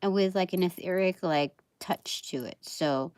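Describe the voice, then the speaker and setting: A woman with a lowish voice reads tarot cards on a live stream, speaking slowly in a close, dry sound. She meanders and halts, fills gaps with fillers, and laughs softly between thoughts. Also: clean tone, dry recording. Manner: meandering and halting, with many fillers. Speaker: tarot reader.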